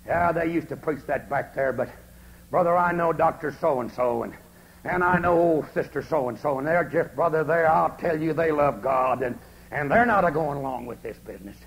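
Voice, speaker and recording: A man preaching a holiness revival sermon at a camp meeting, swinging from hushed storytelling to shouted fervor. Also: a little high, normal speed, slight background noise, poor audio. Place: large camp meeting service.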